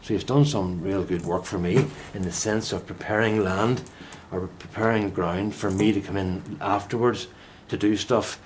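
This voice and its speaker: Older man, lowish voice, chummy rambling gardener talk, outdoors, faint wind behind. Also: fairly even intonation, moderate pace, few pauses. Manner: meandering, chummy, many restarts and asides. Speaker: gardening vlogger. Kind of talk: casual rambling chat to camera. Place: outdoors in a windy vegetable plot.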